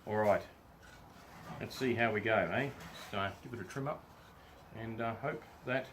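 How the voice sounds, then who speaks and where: A man's voice: on the low side, moderate pace, a bit bright, a little hiss or hum. A man, chatting casually and jokingly while he works on a woodworking project, often laughing at himself. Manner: jokey, chuckling, self-deprecating. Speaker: woodworking vlogger. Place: home workshop.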